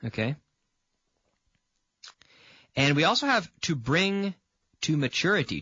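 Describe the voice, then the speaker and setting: A man's voice: on the high side, big pitch swings, slow, pauses often, sharp tone, breathy edge, no room sound, highs cut off. A man from Canada teaching an English grammar lesson on video. He repeats example sentences and checks in with the viewer by asking "okay?".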